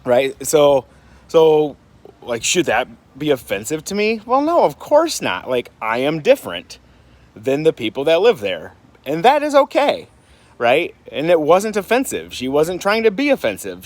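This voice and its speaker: A man from Michigan talking casually to camera in a vlog, rambling with fillers and restarts and asking rhetorical questions. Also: a little high. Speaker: vlogger. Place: home in Puerto Rico.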